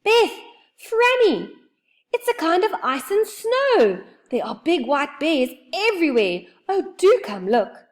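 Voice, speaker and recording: A woman's voice: medium pitch, moderate pace, hardly any pauses, natural voice. A woman doing an eager young boy. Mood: excited. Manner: eager, calls out excitedly.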